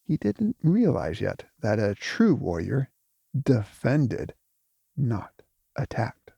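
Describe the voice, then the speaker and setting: A man narrating an audiobook with expressive storytelling. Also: medium pitch, takes it slowly, creaky, slightly rough, no room sound. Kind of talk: scripted narration.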